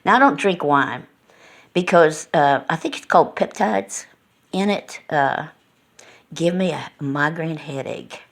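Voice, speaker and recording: A woman's voice: low-pitched, expressive, unhurried. A middle-aged woman vlogging from home, telling a folksy, meandering story full of fillers. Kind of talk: casual rambling storytelling.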